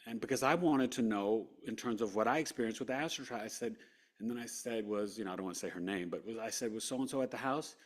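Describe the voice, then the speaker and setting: A man's voice: fairly low pitch, fast. A man as an interview guest, earnestly recounting a personal story and acting out what people said. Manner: earnest, animated, acts out quotes.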